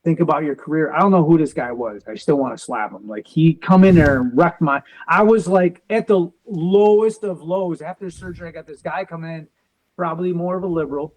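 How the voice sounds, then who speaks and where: A man with a fairly high speaking voice tells his story as an interview guest. He acts out other people's lines as he goes, and his delivery is defiant and determined. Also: brisk, a little mellow, low-quality recording. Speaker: interview guest, military veteran.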